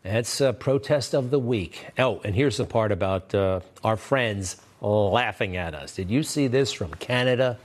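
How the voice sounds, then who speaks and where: A man's voice: lowish voice, a little slow, hardly any pauses. A man hosting an opinion news show, talking in a sarcastic, combative way and repeating phrases for emphasis. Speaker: TV news commentary host.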